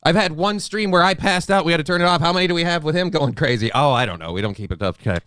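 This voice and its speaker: A man's voice: on the high side, animated, rapid-fire, fairly bright tone, smooth. A young man, co-host of a streamed show, venting in a frustrated, worn-out rant full of swearing. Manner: ranting, heavy swearing, frustrated. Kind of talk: angry venting on a live stream.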